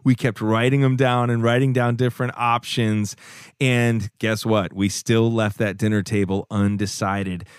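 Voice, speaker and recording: A man in his thirties hosting a faith podcast, talking earnestly to his listeners and growing soft and emotional when moved. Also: on the low side, flat delivery, unhurried, clean tone, no room sound, clean studio sound. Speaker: podcast host. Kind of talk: warm call-in podcast talk.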